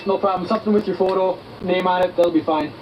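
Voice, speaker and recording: An actor playing a courteous, friendly police officer in a training video. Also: male voice, sits high, fairly even intonation, lightly acted. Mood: polite. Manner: courteous, brisk. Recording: muffled, noisy old video sound.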